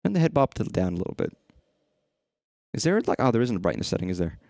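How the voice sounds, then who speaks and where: A man streams a horror game in casual live commentary, rambling and cursing freely as he talks to whatever appears on screen. His voice is on the low side, sing-song and slightly mellow, with a creaky texture and a quick pace.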